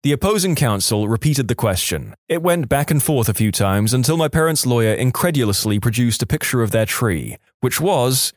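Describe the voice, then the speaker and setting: Man, story narrator, wry asides, lively pitch, dry close sound. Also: normal speed, few pauses, dry recording. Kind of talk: reading reddit stories aloud.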